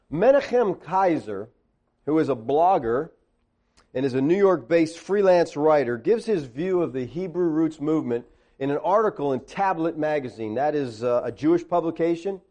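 Man, preacher, conversational sermon, animated, sarcastic, fairly high-pitched. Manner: animated, sarcastic asides, questions to the audience. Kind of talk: conversational sermon-style teaching.

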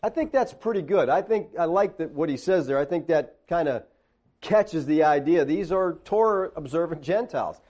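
A man preaching in a conversational teaching style, animated, tossing sarcastic asides and questions to his listeners. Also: on the high side, normal speed.

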